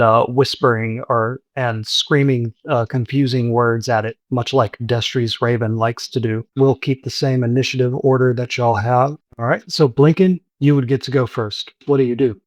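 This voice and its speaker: A man's voice: medium pitch, no echo. A man narrating as game master of a tabletop game, describing scenes steadily with frequent fillers.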